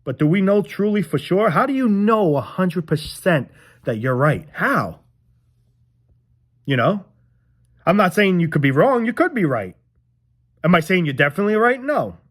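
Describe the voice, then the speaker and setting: A man's voice: high-pitched, very animated, normal speed, pauses often. A young man ranting casually to his viewers, frustrated and rambling, swearing often and repeating himself. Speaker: vlogger. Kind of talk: casual rant to camera.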